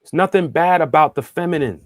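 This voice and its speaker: Answering viewer questions in a relaxed spiritual lesson, this astrologer and spiritual teacher talks a little fast in a voice on the high side. He's conversational, frequently checking in with the listener and restarting phrases as he thinks. The recording is dry.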